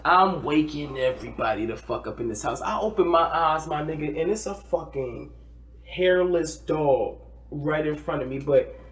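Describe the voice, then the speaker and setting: High-voiced man telling wild stories. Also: moderate pace. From New Jersey. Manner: animated, acts out quoted voices, heavy slang. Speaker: podcast co-host. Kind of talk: casual storytelling chat. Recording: roomy echo.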